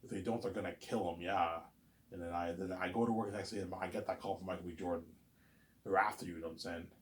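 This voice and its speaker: Rambling man with a low voice. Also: fairly even intonation, fast talker. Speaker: vlogger pitching a movie idea. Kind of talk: rambling casual monologue to camera.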